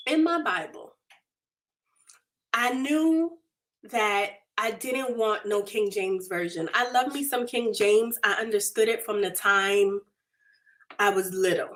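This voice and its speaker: A woman hosts a casual faith podcast in a fairly high voice. She talks in an animated, confessional way, laughs often and reads listener comments aloud. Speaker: podcast host and faith coach.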